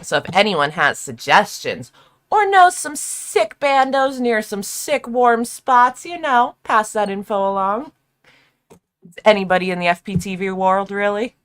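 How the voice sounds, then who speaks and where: A woman's voice: mid-range voice, animated, measured pace, a bit bright. A woman hosting a casual live stream, upbeat and slangy, laughing often. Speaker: stream host.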